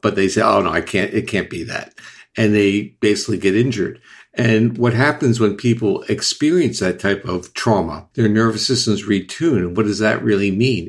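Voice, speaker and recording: An older man, a neuroscientist guest, explaining ideas in a measured, lecturing way with frequent restarts. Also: fairly low pitch. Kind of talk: explanatory interview talk.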